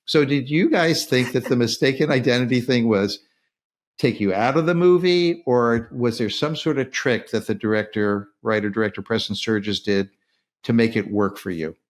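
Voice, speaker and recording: A man's voice: mid-range voice, moderate pace. Male host for a film podcast: mid-range voice, keen and chatty, acts out the quotes. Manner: enthusiastic, acts out quoted lines. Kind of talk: casual film discussion.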